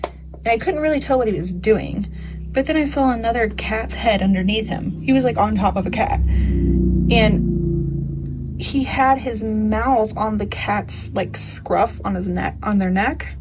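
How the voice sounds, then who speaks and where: A young craft vlogger chats casually to her viewers in a medium-pitched voice at a measured pace, against a noisy background. She rambles from story to story with frequent "you know"s, laughs and other filler.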